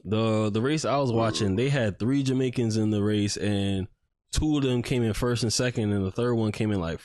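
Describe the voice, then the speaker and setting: A man's voice: lowish voice, normal speed, a little mellow, dry recording. A man co-hosting a podcast, telling rambling stories in casual banter and laughing at himself. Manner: laid-back, rambling storyteller, laughs at himself. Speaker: podcast co-host.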